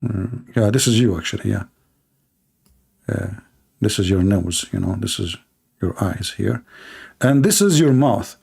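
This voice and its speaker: Gravelly-voiced man, mocking sarcastic monologue. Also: lowish voice, lively intonation, measured pace, long pauses, darkish tone. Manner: broken English grammar. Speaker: livestream host. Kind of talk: satirical monologue. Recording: livestream talk to viewers.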